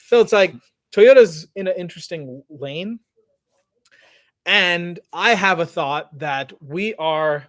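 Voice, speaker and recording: A man co-hosting a casual livestream Q&A, talking in an animated, slangy way and often repeating his words. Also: on the high side, dry recording, clean studio sound. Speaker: co-host answering viewer questions.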